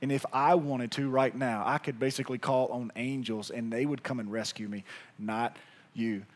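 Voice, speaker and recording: A man voicing Jesus inside a sermon, speaking quietly and firmly. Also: medium pitch, fairly even intonation, normal speed, pitched below the performer's own voice, lightly acted. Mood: resolute. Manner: quiet, firm. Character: Jesus, calm resolute grown man.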